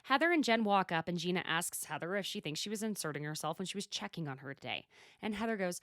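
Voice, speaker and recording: A woman's voice: mid-range voice, big pitch swings, fairly bright tone. A woman hosts her podcast alone in a loose, gossipy chat, peppering it with curse words and side remarks. Her voice swings up and down with lots of life, and the sound is dry and close with no room echo. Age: adult, mother. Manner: chatty, swears freely, quick asides. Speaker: podcast host. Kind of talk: casual solo recap chat.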